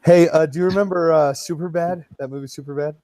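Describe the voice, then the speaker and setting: A man's voice: fairly high pitch, fairly even intonation, fast talker, mellow, no room sound. A man in casual chat on a stream, meandering and swearing as he tells a story. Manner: meandering, profane.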